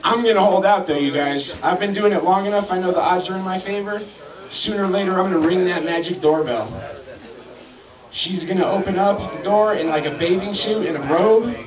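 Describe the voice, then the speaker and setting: A man in his thirties hosting and doing crude, deadpan stand-up comedy to a crowd. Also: high voice, a little fast, distant mic. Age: 30s. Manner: crude, deadpan joke delivery. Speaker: comedy host. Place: crowded club, roomy. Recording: echoey room, mic from afar, loud crowd.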